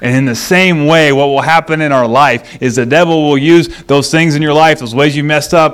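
A middle-aged man preaching a sermon as a pastor, telling stories in an animated way that moves between lively and hushed. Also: a little high, normal speed, few pauses, clear, resonant tone.

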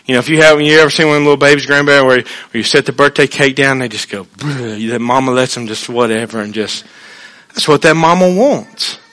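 A man preaching a sermon in an earnest, conversational way, swinging between hushed and emphatic, with folksy asides. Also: medium pitch, fast, rough recording.

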